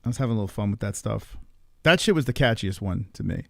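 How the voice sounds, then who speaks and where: A man's voice: on the low side, expressive, quick pace, vocal fry, dry recording, clean studio sound. A man hosting a stream, rambling and cursing in a giggly, intoxicated way. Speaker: streamer host. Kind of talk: casual stream chat.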